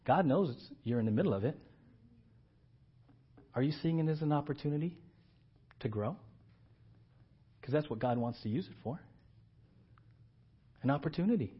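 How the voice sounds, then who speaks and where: A man preaching a sermon with a somewhat husky voice pitched a little above most men. He tells the story loosely and animatedly, slipping into slang. The recording is muffled and lo-fi. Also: animated, normal speed, long pauses. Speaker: pastor.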